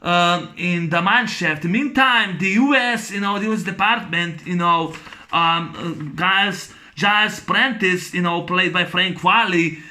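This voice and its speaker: Rambling excited man, high bright voice. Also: measured pace. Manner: rambling, many fillers and restarts, excited sound effects; laughs while recounting scenes. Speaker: movie reviewer. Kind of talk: casual movie review monologue.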